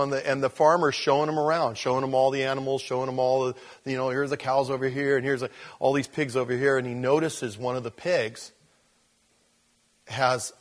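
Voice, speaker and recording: A male pastor giving a conversational Bible teaching, folksy and rambling, often correcting himself as he goes. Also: medium pitch.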